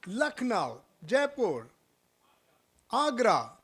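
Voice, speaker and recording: A man giving a lively motivational orientation talk in an auditorium, quizzing the audience and telling stories. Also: extremely high pitch, extremely slow, breathy edge. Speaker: orientation speaker.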